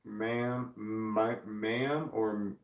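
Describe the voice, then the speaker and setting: Low-voiced man rambling in a roomy room. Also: fairly even intonation, extremely slow, recorded from a distance. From United States. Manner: rambling, thinking aloud, trailing off and restarting. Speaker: livestream host. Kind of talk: casual live chat reading viewer comments.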